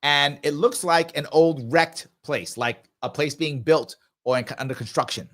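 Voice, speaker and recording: A man's voice: a little high, fairly even intonation, moderate pace, fairly bright tone. A man hosting a live ask-me-anything show, answering viewer comments and telling a travel story in an emphatic, conversational way. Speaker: livestream show host.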